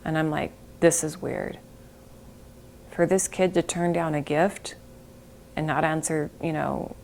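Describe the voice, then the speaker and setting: A middle-aged woman giving an emotional interview, halting and breaking off, sometimes dropping to a whisper. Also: sits low, steady tone, vocal fry, a little mellow. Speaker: interviewee, bereaved mother.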